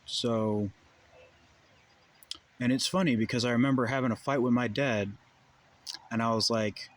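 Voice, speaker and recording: A man's voice: mid-range voice, fairly even intonation, unhurried, pauses often, a little hiss or hum. A young adult man delivering a heated, profane monologue full of rhetorical questions. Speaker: vlogger. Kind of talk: ranting monologue.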